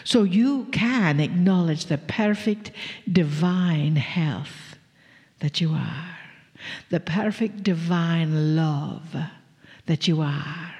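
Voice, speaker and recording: A woman channeling a group of gentle, teasing spirit beings who speak as "we", in a slow, half-whispered spiritual talk to a live audience. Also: on the low side. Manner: slow, drawn-out, half-whispered, playful chuckles. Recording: long reverb of a large hall.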